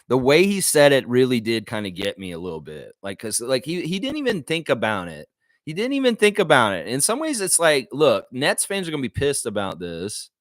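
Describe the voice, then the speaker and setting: A man's voice: mid-range voice, no room sound, clean studio sound. A man hosting a casual sports livestream, rambling and reading out viewer comments. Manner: reads viewer comments aloud, rambling and animated. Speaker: livestream host.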